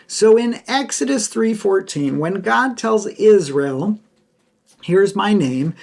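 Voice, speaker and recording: A man hosting a Bible teaching podcast explains a passage lecture-style, with vocal fry in his voice. He is emphatic, repeats key phrases, and acts out quoted lines with bright jumps in pitch.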